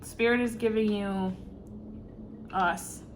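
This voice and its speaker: A woman with a steady, mid-range voice speaks slowly while giving an intuitive tarot reading, a little hiss or hum in the background. She's earnest, searching for words and using many fillers.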